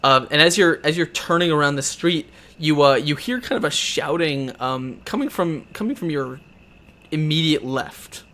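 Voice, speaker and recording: A man's voice: fairly high pitch, moderate pace, pushed and bright. A man narrating a tabletop game as game master, rambling with many restarts.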